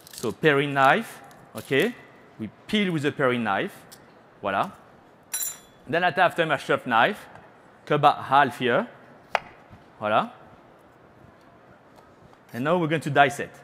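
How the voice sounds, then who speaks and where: A French-accented chef talks his way through a live cooking demo, chatty and teasing, dropping little French phrases between steps. His voice sits at an ordinary middle pitch for a man. A faint hum of show-floor ambience hangs behind him. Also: a bit bright. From France. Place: trade show cooking stage.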